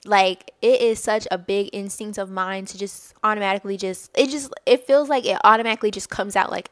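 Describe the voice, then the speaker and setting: A woman's voice: mid-range voice, fairly even intonation, brisk, no echo. Earnest encouraging woman, dry close sound. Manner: earnest and encouraging, laughs often mid-sentence. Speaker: podcast host. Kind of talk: casual faith-based encouragement talk.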